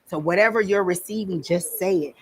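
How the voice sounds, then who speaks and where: A woman's voice: on the low side, brisk, a little hiss or hum. Chatty woman teaching a psychic workshop. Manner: chatty and conversational, asks the audience questions. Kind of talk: informal workshop talk to an audience. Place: room at a psychic fair.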